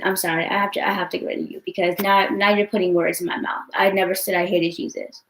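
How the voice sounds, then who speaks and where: A young woman talks through a casual livestream, rambling with lots of fillers and frequent swearing. She sounds upset and close to tears, her pitch staying fairly level. The room around her rings with a noticeable echo. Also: flat delivery, quick pace, hardly any pauses, a bit bright. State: upset and tearful. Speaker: vlogger answering live chat. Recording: roomy echo.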